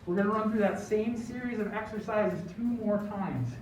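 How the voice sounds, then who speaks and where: Heard through a dull, far-off mic in a big echoey room, this fitness instructor coaches a home workout with encouragement and counts down between moves. The voice is mid-range and somewhat dark, at a normal pace, with slight background noise.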